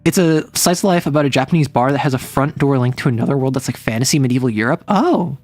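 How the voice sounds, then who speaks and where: A woman streamer in casual chat, rambling along with plenty of fillers. She slips into quick acted snippets of the people she quotes, and soft music plays faintly behind her voice. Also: very deep voice, lively intonation, no room sound. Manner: rambling, filler-heavy, acts out quoted lines. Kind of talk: casual chat about romance stories.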